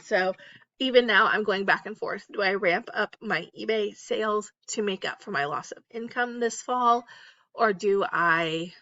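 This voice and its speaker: A middle-aged woman talking casually about reselling online while she lists items, candid and quick to laugh at herself. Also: mid-range voice, pushed and bright, no room sound, lo-fi sound. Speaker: eBay reseller and YouTuber. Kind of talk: casual list-with-me chat. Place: home, at night. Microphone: close, off camera.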